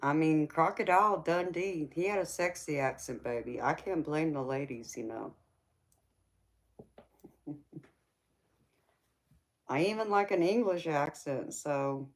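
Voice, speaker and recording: A woman's voice: deep voice, takes it slowly, long pauses. A woman with a Southern US accent, a tarot reader hosting a casual livestream chat, teasing viewers and calling them baby.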